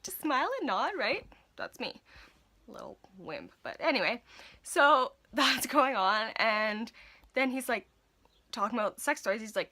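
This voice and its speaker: Bright-voiced young woman telling a storytime. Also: a little high, normal speed. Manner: animated, filler-heavy storytelling with lots of "like". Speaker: vlogger. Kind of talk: casual storytime vlog.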